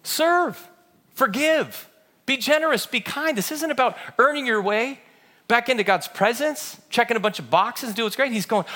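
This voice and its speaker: A man's voice: extremely high pitch, moderate pace, bright, forceful tone. A man preaching a sermon as pastor, telling stories with animation and acting out the voices of others in them.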